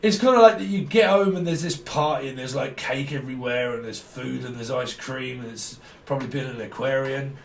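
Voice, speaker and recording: A man's voice: medium pitch, fairly quick, gravelly, hardly any pauses, slight background noise. A man giving a rambling, free-associating tarot reading, swearing and laughing as he goes. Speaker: tarot reader. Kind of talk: stream-of-consciousness intuitive reading. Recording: echoey room, mic far off.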